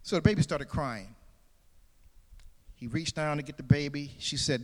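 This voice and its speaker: A man preaching a sermon, swinging between loud shouted calls and quieter storytelling. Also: on the high side, moderate pace, pauses often, in a large hall. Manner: shouting and soaring, then dropping to a hushed storytelling tone.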